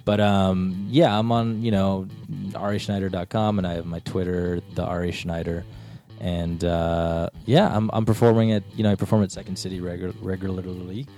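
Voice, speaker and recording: A young man, a comedian and actor, telling stories in a casual podcast chat, jumping into high voices to act out quotes. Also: normal speed, few pauses, soft background music. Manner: animated storyteller, acts out quotes in high voices.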